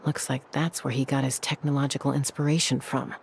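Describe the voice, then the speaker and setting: A calm young adventurer. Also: female voice, extremely low pitch, brisk, gravelly, slightly rough, full character voice.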